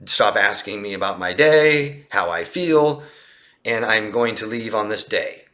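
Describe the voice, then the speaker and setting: Emphatic man coaching in a bright voice. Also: on the low side, animated, unhurried. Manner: emphatic, rhetorical questions, acts out quoted lines in a raised voice. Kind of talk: live Q&A coaching talk.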